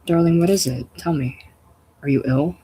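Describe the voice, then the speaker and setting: A storyteller voicing a worried husband who gently coaxes his shaken wife, in a plain everyday voice. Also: mid-range voice, normal speed, slight background noise, lightly acted, low-quality recording. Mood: concerned.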